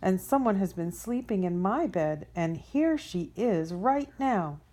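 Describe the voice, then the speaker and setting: A woman's voice: medium pitch, animated, measured pace, dark tone, close to an everyday voice. A woman voicing a small, upset boy baby bear in a storybook reading.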